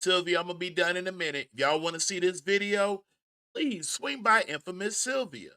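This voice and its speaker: A man hosting a casual commentary livestream, talking in an animated, emphatic way with frequent stammers and restarts. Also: sits high, normal speed, clear, resonant tone, no echo, clean studio sound. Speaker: host.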